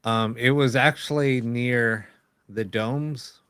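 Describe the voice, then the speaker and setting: A man chatting as a show host, telling a story in a loose, rambling way, full of "um"s and retold dialogue. His voice sits at an ordinary middle pitch and sounds dry and close, with no room echo. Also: fairly even intonation, takes it slowly, a bit bright, clear, resonant tone. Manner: rambling, with many fillers and quoted dialogue. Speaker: host of a live paranormal show. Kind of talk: casual storytelling chat.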